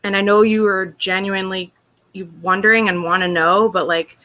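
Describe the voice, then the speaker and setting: A woman's voice: mid-range voice, steady tone, normal speed, sharp tone. A woman being interviewed, telling a personal story in an earnest, open way, with lots of "like" and "you know". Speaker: interview guest.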